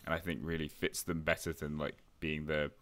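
A man's voice: rumbling low, little pitch movement, brisk, a bit bright. A man co-hosting a hobby podcast, chatting casually and emphatically. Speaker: podcast host. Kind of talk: casual chat.

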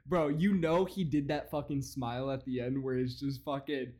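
A young man doing casual reaction commentary, profane and mocking with rapid-fire rants. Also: mid-range voice, darkish tone.

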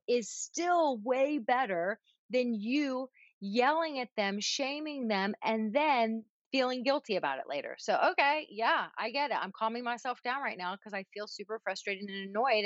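A woman parenting coach giving advice in casual conversation, animated, demonstrating calming breaths with audible sighs. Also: fairly high pitch, moderate pace, dry recording, highs cut off.

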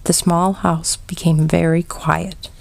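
A woman reading a children's novel aloud in a gentle, measured storybook narration. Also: lowish voice, flat delivery, vocal fry, no room sound. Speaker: audiobook reader.

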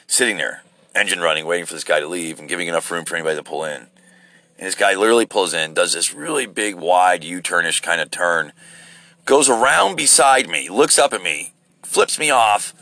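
Profane, animated storytelling man. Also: sits low, no room sound. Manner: profane, rambling, animated retelling. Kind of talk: casual storytelling to camera.

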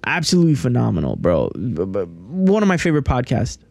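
A man hosting a podcast in casual chat, excitable and given to repeating himself. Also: medium pitch, fairly quick, gravelly, no echo. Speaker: podcast host.

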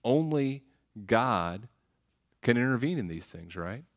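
A man's voice: mid-range voice, expressive, slow pace. A man preaching a sermon as a pastor, earnest, often repeating words as he starts phrases.

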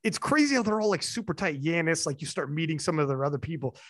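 A young man hosts a relaxed conversation, spinning animated stories full of slang. His voice sits slightly higher than most men's. The sound is dry and close, with no room around it. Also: fast, no echo. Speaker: podcast host and event commentator. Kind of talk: casual chat.

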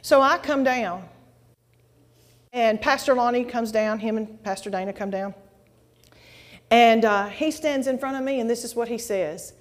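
A woman preaching a testimony sermon to a congregation, folksy and animated, with exclamations and asides. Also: fairly high pitch, a little slow, long pauses. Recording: long hall reverb.

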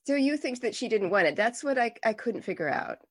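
Her voice is on the high side, sing-song and fairly quick, with a breathy edge. She hosts a podcast, chatting through an interview in an effusive, excited way and frequently beginning sentences again.

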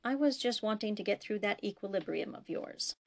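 A woman reading as a gentle, probing counselor. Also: medium pitch, lively intonation, brisk, gravelly.

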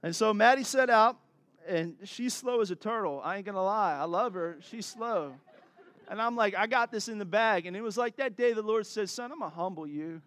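A man's voice: high voice, normal speed. A middle-aged man preaching a sermon, telling stories with energy and speaking straight to his listeners. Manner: animated storytelling, addresses the crowd directly. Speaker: pastor.

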